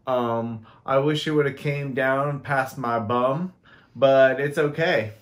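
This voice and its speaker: A man's voice: mid-range voice, takes it slowly. American man, podcast guest, laid-back banter, pokes fun at himself. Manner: joking, self-deprecating. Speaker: guest, host's husband. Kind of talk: casual chat.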